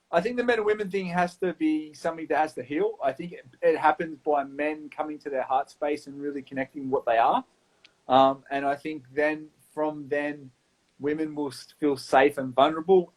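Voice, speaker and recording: A blunt Australian man with a fairly high voice talks in a loose round table chat. He swears freely and keeps the delivery animated. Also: low-quality recording. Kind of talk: casual chat.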